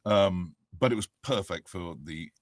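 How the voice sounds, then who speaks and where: Middle-aged English actor as guest, rambling and animated, lowish voice, dry close sound. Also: male voice, a little slow, dry recording. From England. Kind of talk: casual interview chat.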